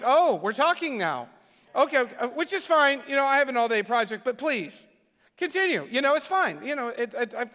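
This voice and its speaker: Bright-voiced pastor in an echoing hall. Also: male voice, high-pitched. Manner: chatty, self-deprecating, frequent restarts. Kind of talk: conversational sermon storytelling. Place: church sanctuary. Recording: reverberant church hall.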